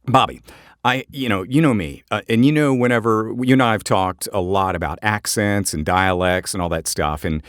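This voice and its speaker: Deep-voiced male podcast co-host, casual. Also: normal speed, smooth, no echo, studio quality. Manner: relaxed, joking, many fillers. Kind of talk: casual chat.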